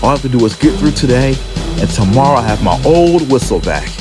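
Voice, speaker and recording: A man's voice: mid-range voice, sing-song, quick pace, music in the background, lightly acted. A man voicing a proud male train engine who frets and panics over a danger on the line. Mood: fretful. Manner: frets and groans, shouts in panic. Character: proud male engine, worried and easily alarmed.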